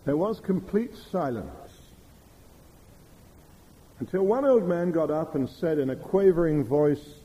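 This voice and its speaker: A middle-aged man preaching a sermon, telling stories in a measured way. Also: a little high, expressive, mellow, low-quality recording. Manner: measured storytelling with quoted Russian phrases.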